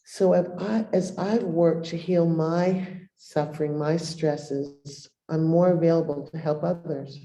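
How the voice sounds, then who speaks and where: A middle-aged woman, a meditation teacher, giving a dharma talk and softly guiding a meditation with long pauses. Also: low voice, fairly even intonation. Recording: roomy echo.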